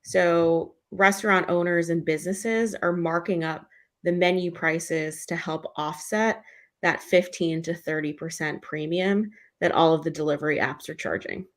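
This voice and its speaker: A woman's voice: on the low side, fairly even intonation, unhurried. A woman co-hosting a casual panel discussion, chatty and filled with "like". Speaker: podcast co-host.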